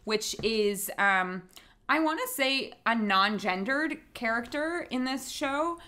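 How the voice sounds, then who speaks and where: A woman's voice: fairly high pitch, lively intonation, takes it slowly, pushed and bright. A woman co-hosting a theatre podcast, chatting enthusiastically about a musical. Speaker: podcast co-host. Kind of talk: casual chat.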